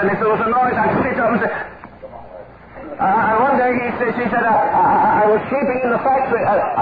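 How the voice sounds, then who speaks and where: Preacher telling a story on an old tape. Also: male voice, very high voice. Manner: anecdotal, acts out quoted voices. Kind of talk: sermon storytelling. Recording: tinny lo-fi archive recording with loud hiss.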